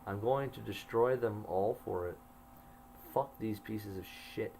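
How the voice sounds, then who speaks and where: A man's voice: on the low side, measured pace, creaky, a little mellow, a little hiss or hum, rough recording. A man telling his own story, reading his old journal entries aloud and adding wry asides. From Canada.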